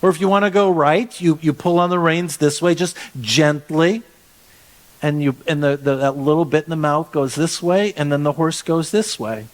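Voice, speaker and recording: A man's voice: on the high side, moderate pace. A man pastor preaching a sermon in a conversational way, often restarting phrases and stretching words for emphasis.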